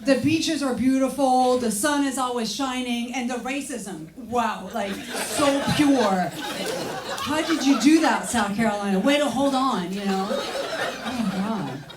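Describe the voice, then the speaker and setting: A young French-born woman with French as her first language, telling stories in a deadpan stand-up set and acting out the people in them. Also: a little high, slow, a crowd in the background. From France. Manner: deadpan storytelling, acts out quoted voices. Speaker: stand-up comedian. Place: comedy club stage. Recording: roomy club with audience noise. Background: audience laughter.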